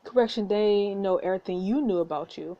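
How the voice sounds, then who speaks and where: A woman's voice: medium pitch, a little fast, highs cut off, close to an everyday voice. A woman voicing a guarded young man, the twin brother, speaking bluntly and warily as she reads a story game aloud. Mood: wary.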